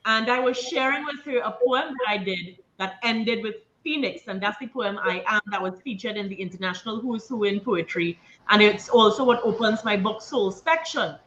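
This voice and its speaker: A woman's voice: medium pitch, normal speed, hardly any pauses, fairly bright tone. A woman from Trinidad, a book series founder, telling an enthusiastic, run-on story in a casual interview. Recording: dull lo-fi line with faint noise.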